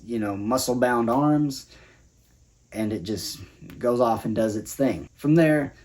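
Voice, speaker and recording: A man with a mid-range voice talks through a film in a relaxed, conversational way. He speaks like a casual movie reviewer and drops in dry asides. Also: mid-range voice.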